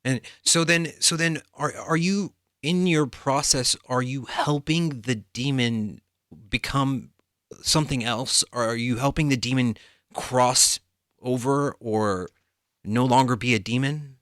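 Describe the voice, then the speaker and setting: A man's voice: medium pitch, measured pace, a bit bright, no echo. A male podcast host on a dry, close mic. He works his way through his questions with restarts and short affirmations. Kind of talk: interviewing, brief backchannels.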